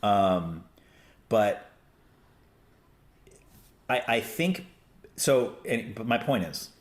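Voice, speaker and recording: A man's voice: lowish voice, lively intonation, extremely slow. A middle-aged man hosting a podcast, chatting casually with lots of fillers and restarts, acting out what people said. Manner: rambling, many fillers and restarts, acts out quotes. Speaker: podcast host. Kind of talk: casual conversation.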